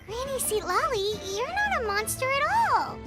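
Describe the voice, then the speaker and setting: A tiny chirpy fairy sidekick speaks in an extremely high, bouncing voice. She refers to herself in the third person. A bright video game companion. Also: very animated, normal speed, over loud music.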